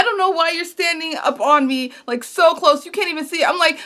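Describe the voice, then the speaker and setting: A woman vlogger telling a story in a casual, animated way, exasperated and acting out what was said. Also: sits high, moderate pace. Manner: animated, exasperated retelling with quoted asides.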